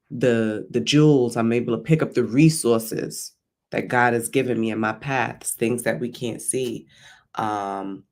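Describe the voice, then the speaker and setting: A man giving a casual, rambling motivational talk, often checking in with "right?". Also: mid-range voice. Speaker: vlogger.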